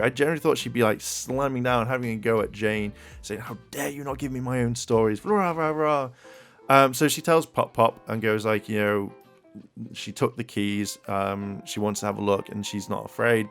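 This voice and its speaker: A man giving a casual, rambling video review of an episode, full of fillers and restarts and growing excited at times. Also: mid-range voice, normal speed, soft background music.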